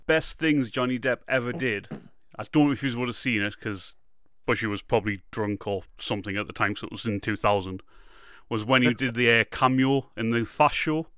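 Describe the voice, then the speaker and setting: A man's voice: medium pitch, brisk, a bit bright, clear, resonant tone, dry recording, clean studio sound. A man, co-hosting a casual podcast chat and breaking into silly impressions now and then. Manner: chatty, jokey, slips into silly impressions. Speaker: podcast co-host.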